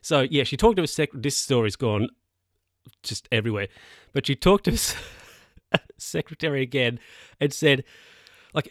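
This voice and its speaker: A man's voice: mid-range voice, animated, moderate pace, pauses often, no echo, studio quality. A man hosting a solo podcast, telling a story in a rambling, chatty way that keeps correcting itself. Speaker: podcast host.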